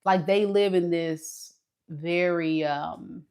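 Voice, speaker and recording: Woman, tarot reader, slightly low voice, casual chatty reading, expressive, talks to the viewer. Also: takes it slowly, clean tone. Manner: expressive, talks to viewer directly, voices the other person's thoughts dramatically.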